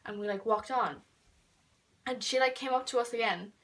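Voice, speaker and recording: Teen girl rambling through a storytime vlog, lots of likes, bright voice, kinda far from the mic. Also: a little high, normal speed. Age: teens. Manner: chatty, filler-heavy, swings between whispered asides and loud outbursts. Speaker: vlogger.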